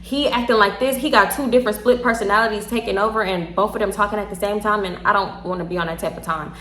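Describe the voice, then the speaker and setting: A woman's voice: mid-range voice, quick pace, a little hiss or hum. A young woman with a Houston accent, a little tipsy, telling a story casually and acting out the quotes, with frequent laughs and swearing. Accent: Southern US, Houston. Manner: animated, laughs often, swears freely, acts out quotes. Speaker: storytime vlogger. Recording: echoey room.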